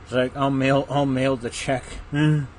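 A man co-hosting a casual podcast, reading out topics with wry, deadpan banter and lots of low hums. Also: a little slow, a little hiss or hum, rough recording. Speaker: podcast co-host.

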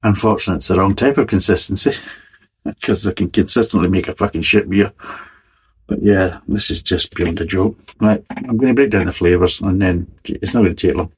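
A man with a very husky, rough-edged voice sitting a little low in pitch. He talks through a casual beer review, blunt and full of swearing, with a wry, exasperated edge. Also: brisk, a little mellow, low-quality recording.

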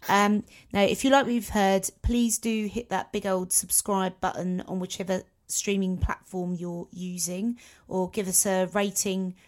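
A woman's voice: mid-range voice, steady tone, measured pace, hardly any pauses. A woman co-hosting a podcast in casual chat, rambling and self-mocking. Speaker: podcast co-host.

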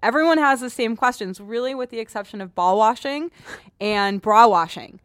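A woman's voice: fairly high pitch, expressive, moderate pace, fairly bright tone, clean tone, no room sound, studio quality. A woman hosting a podcast in a frank, joking, chatty way, often restarting her sentences. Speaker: podcast host, cleaning advice columnist. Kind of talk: casual podcast chat.

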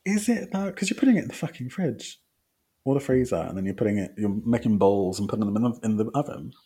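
A man's voice: lowish voice, animated, fast talker, warm tone, husky. A young man co-hosting a podcast, chatting casually with laughs and the odd swear. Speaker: podcast co-host. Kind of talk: casual chat.

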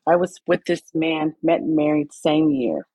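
A woman's voice: low voice, moderate pace, dark tone, husky, no room sound, rough recording. A woman guest in a heartfelt conversation, speaking earnestly and emotionally. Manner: emotional, earnest, tearful at times.

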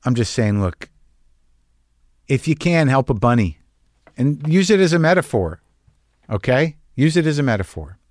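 A man hosts a podcast in a rambling, sardonic monologue, his voice sitting at an ordinary pitch. He swings between loud bursts and quiet asides. The close recording has almost no room sound. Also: big pitch swings, normal speed, pauses often, dry recording. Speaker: podcast host. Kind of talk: conversational monologue.

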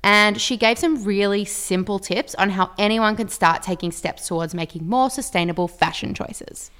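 A young woman co-hosting a podcast interview, bubbly and upbeat. She talks quickly and with enthusiasm, in a mid-pitched voice. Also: a bit bright, clean tone. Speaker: co-host.

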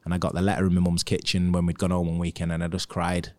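A man's voice: sits low, completely flat delivery, fast talker, warm tone. A man in his thirties, a former footballer, telling casual anecdotes as a podcast guest and acting out what others said. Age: 30s. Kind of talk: casual storytelling.

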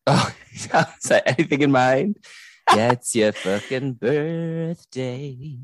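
A man's voice: mid-range voice, takes it slowly, dry recording. A British man co-hosting a podcast, chatting casually, joking, swearing freely and laughing often. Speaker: podcast co-host.

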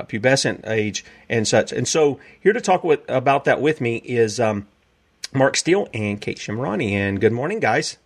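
A man hosting a talk show in a folksy manner, reading headlines and chatting with guests. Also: mid-range voice. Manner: folksy, chuckles often. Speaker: host.

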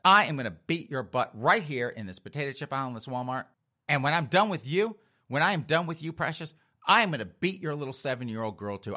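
A man doing a furious woman shopper who rants threats, her voice swinging wide and lively in pitch with a sharp, bright edge. She is vengeful and spits out every line. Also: exaggerated voice. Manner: threatening, ranting.

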